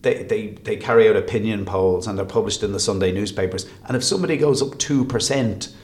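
A man's voice: lowish voice, a little fast, a little mellow. An Irish man chatting as a guest, rambling and often restarting his sentences. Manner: rambling, self-interrupting storyteller. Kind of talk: casual chat. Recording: roomy echo.

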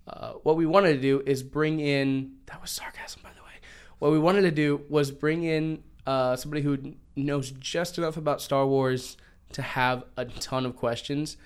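A man's voice: on the high side, steady tone, moderate pace, smooth. A man hosting a casual podcast chat, joking and rambling with restarts. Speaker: podcast host.

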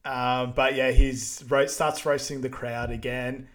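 Brief: relaxed man, mid pitch, podcast co-host chatting about a film. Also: measured pace. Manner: laid-back, with frequent ums and short agreements. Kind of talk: casual chat recapping a film.

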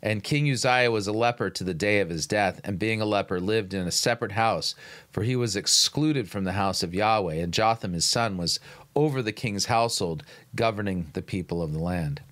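Man reading scripture aloud, bright tone. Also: on the low side, normal speed. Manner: sarcastic, incredulous interjections. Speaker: podcast host critiquing a sermon.

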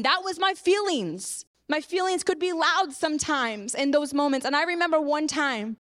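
Woman preacher, high voice, earnest sermon, hushed to impassioned. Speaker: apostle and preacher.

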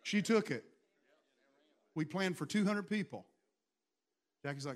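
A man's voice: fairly high pitch, steady tone, slow pace, pauses often. A man, a pastor preaching a storytelling sermon to his congregation with bursts of raised emphasis. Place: church in front of a congregation.

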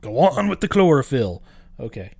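A man co-hosting a podcast, recapping a movie in casual, profane, rambling chat and dropping into quick character voices. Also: mid-range voice, very animated, darkish tone. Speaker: podcast co-host.

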